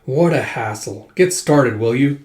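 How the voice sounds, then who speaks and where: A man's voice: medium pitch, animated, a little slow, a little mellow, lightly acted. Man doing a bored, arrogant lord. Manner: bored and drawling. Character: arrogant, lazy powerful male lord. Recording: roomy echo.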